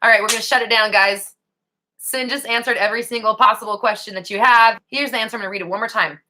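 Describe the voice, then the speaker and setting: A young woman hosting a casual live question-and-answer chat, animated and blunt, swearing freely as she answers viewers. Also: a little high, fast talker.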